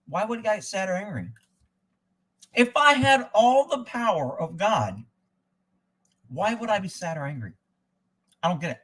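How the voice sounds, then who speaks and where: A man's voice: sits high, sing-song, a little slow, pauses often, fairly bright tone, slightly rough. A man hosting a casual live stream, ranting sarcastically and muttering as he reads aloud and answers chat. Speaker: livestream host.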